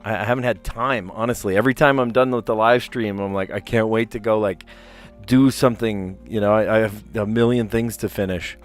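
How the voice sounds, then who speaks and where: A man's voice: lowish voice, fairly even intonation, brisk, faint music behind. A man hosting a casual livestream, reading puzzle clues aloud and drifting into chatty, amused asides. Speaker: livestream host solving word puzzles.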